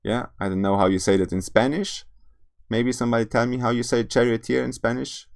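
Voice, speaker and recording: A man's voice: mid-range voice, fairly even intonation, fairly quick, vocal fry. A man giving a spiritual lecture, speaking earnestly and directly to his listeners, often restarting and repeating words as he goes. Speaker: spiritual teacher.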